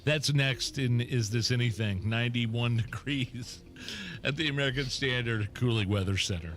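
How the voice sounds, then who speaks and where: A male talk radio host with a bright, forceful mid-range voice. He teases his co-hosts playfully and moves smoothly into reading ads and weather. His voice is close and clear in the studio. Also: mid-range voice, moderate pace. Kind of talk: casual talk radio banter. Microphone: studio microphone.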